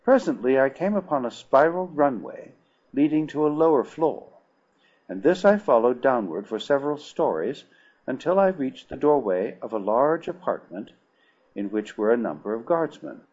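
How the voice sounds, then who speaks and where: A man narrating a first-person adventure novel with a formal, steady delivery. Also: medium pitch, normal speed, lo-fi sound. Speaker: audiobook narrator.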